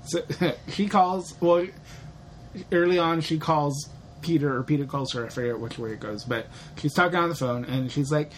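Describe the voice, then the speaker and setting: A woman's voice: sits low, normal speed, a little hiss or hum. A young woman co-hosting a podcast, chatting casually and acting out characters' lines with animation. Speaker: podcast co-host. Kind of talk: casual chat recapping a show.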